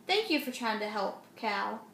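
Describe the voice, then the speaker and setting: A woman voicing a small, sad male piglet with squeaky, high hiccups, speaking politely. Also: big pitch swings, moderate pace, fairly bright tone, echoey room, a little hiss or hum.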